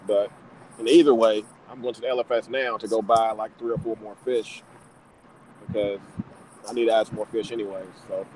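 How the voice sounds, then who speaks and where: A man's voice: on the low side, flat delivery, a little fast, a little mellow, a little hiss or hum, rough recording. Laid-back man chatting from a car. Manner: laid-back, repeats himself while thinking. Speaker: reef hobbyist, chat participant. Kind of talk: casual group call chat.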